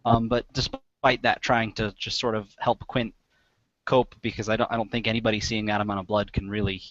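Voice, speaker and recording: A man's voice: lowish voice, level tone, fairly quick, a bit bright, dry recording. Rambling man at a game table. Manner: rambling, hesitant. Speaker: player. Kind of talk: casual game talk. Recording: dry, dull lo-fi.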